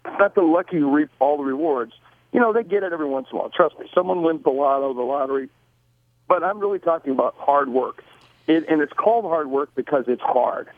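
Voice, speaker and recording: A man's voice: a little high, fast talker, no room sound. An American man, a guest author and business owner, talking brashly in a casual interview and often repeating words as he starts a sentence. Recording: tinny dry phone line.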